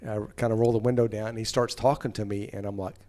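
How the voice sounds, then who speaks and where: An American musician being interviewed, telling stories in a casual, animated way and acting out other people's lines. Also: male voice, on the low side, quick pace. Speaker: musician guest.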